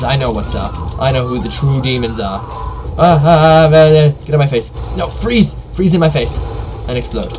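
A man giving joking live commentary while playing a game, yelping and shouting during fights. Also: mid-range voice, noisy background. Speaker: let's play gamer.

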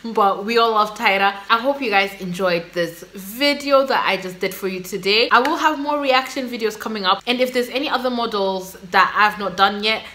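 A woman hosting a reaction video, gushing and excitable in casual commentary. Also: mid-range voice, moderate pace, few pauses. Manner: gushing, excitable, exclaiming and laughing.

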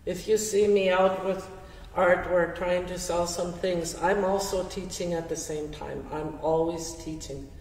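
An older woman speaks slowly and gently, sharing teachings with quiet warmth and soft laughter. Her voice carries from a distance across a roomy hall with a long echo. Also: fairly low pitch, steady tone. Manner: gentle, warm-hearted, slow and reflective with soft laughs. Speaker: speaker sharing teachings through her late husband's art. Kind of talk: heartfelt talk with audience questions. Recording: roomy hall, voice from far off the mic.

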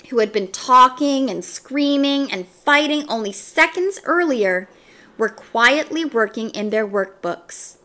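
Slow, expressive woman reading a storybook. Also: sits high. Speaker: story reader. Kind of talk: children's storybook read-aloud.

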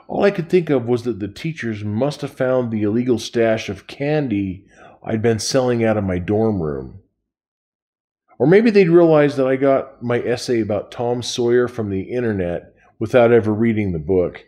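Slow, low-voiced man reading a story. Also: a little mellow. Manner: first-person storytelling. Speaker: reader. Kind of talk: audiobook reading of a novel.

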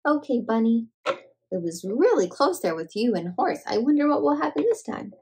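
A woman hosting children's toy play, talking to toddlers in a gentle, sing-song, encouraging way. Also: fairly high pitch, very animated, moderate pace, slightly rough. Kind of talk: playful narration to toddlers.

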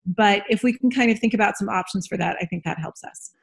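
Woman consultant chiming in on a webinar call, mid-pitched, thoughtful, measured, lots of soft ums. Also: vocal fry, husky. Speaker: consultant, colleague of the speaker. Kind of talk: webinar discussion.

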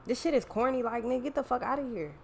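A woman's voice: on the high side, quick pace, darkish tone, a little hiss or hum. A woman hosting a show, talking in a blunt, profane, exasperated casual rant. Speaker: podcast host. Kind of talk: casual ranting monologue.

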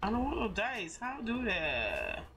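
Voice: mid-range voice, measured pace, vocal fry. A streamer chatting casually while playing a cooking game, talking to self and viewers, laughing a lot and swearing when things go wrong. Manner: talks to self and chat, laughs often, curses when frustrated. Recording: clicking and steady noise behind.

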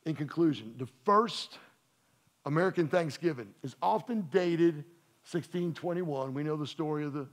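A man's voice: a little high, moderate pace. A man from Louisiana, preaching a sermon in a folksy, joking, conversational way to his church. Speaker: pastor. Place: church sanctuary.

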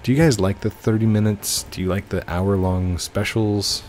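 A man's voice: fairly low pitch, fairly even intonation, normal speed, darkish tone, slight background noise. A young man hosting a gaming channel, chatting casually and rambling to his viewers while he plays. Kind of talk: casual gameplay commentary.

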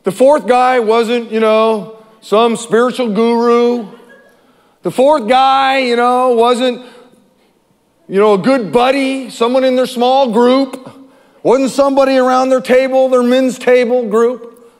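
A male pastor delivers a sermon in a fairly high voice. He tells it as animated storytelling, hammering phrases again and again. A long hall reverb trails each line. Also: slow pace.

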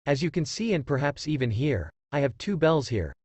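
Kakashi, a man reading as a deadpan ninja teacher. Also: fairly high pitch, normal speed, husky, no room sound. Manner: deadpan and offhand. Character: laid-back, deadpan adult male ninja teacher.

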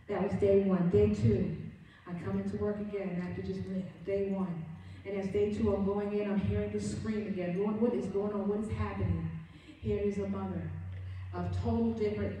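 Mellow-voiced woman preaching in an echoey hall. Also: mid-range voice, recorded from a distance, a little hiss or hum. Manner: earnest storytelling preacher. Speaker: minister. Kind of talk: sermon. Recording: very echoey room, voice from afar.

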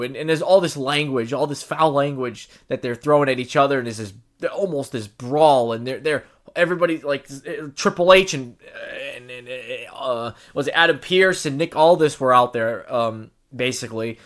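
A man's voice: fairly high pitch, normal speed, hardly any pauses. A man hosting his own podcast, recapping events in a loose, rambling way with many restarts and casual swearing. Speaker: podcast host. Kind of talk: casual solo commentary.

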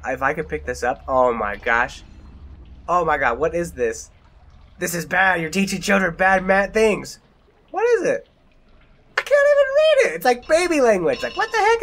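A man's voice: sits high, gravelly, a bit bright. A young man playing a horror game, jumpy and exclaiming, often mocking himself. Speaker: let's play gamer.

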